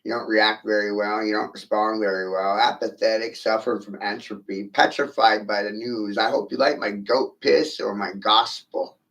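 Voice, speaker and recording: A man's voice: fairly low pitch, steady tone, normal speed, hardly any pauses, fairly bright tone, highs cut off. A man ranting on a livestream, profane and provocative, firing rhetorical questions at his viewers. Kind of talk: rambling livestream rant.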